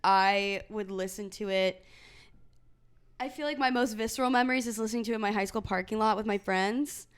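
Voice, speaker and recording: A woman's voice: mid-range voice, fairly quick, clear, resonant tone. A young woman co-hosting a podcast, chatting casually with friends, full of fillers and laughs. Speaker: podcast co-host. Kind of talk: casual chat.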